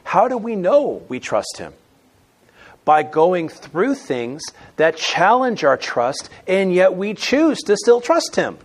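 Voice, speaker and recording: Male pastor delivering a sermon, lively pitch, punchy stresses and soft asides. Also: takes it slowly. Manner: emphatic, swings between loud stresses and quiet asides.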